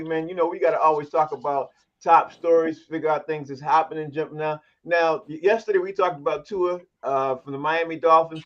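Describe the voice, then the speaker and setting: A man hosting a casual sports talk panel, steering the talk and calling on each guest by name. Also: on the high side. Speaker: host. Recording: dull lo-fi audio.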